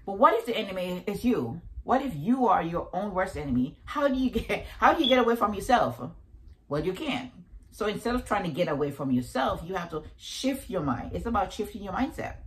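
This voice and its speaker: A woman in her fifties with a deep voice, giving a preachy, animated motivational talk grounded in faith and repeating affirmations. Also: normal speed, poor audio. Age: 50s. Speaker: motivational vlogger.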